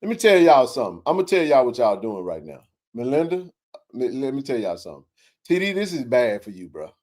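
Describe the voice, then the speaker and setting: A man hosting a casual sports talk show, joking and bantering in slangy, animated talk. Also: mid-range voice, fairly quick.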